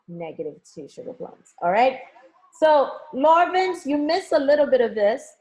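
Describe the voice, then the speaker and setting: Upbeat woman math teacher, higher voice. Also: a little mellow. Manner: encouraging, calls students pet names; frequent check-ins like okay and all right. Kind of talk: live online review lesson.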